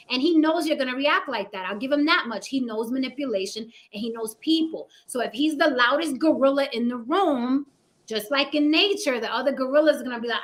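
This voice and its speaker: A woman hosting a heated panel discussion, emphatic and profane, sometimes mimicking men in a low mocking tone. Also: fairly quick. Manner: acts out men's voices in a low mocking tone. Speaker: panel host.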